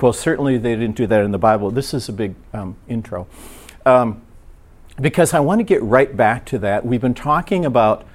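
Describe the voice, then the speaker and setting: A man preaching, telling a personal story in a relaxed, conversational way and acting out the voices of the people in it. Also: medium pitch. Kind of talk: sermon storytelling.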